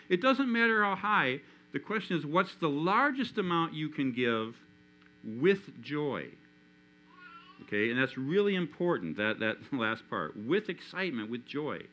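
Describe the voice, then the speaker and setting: A man preaching a sermon in a church, animated, acting out the inner voices of his listeners. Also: fairly high pitch, normal speed, poor audio. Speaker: pastor.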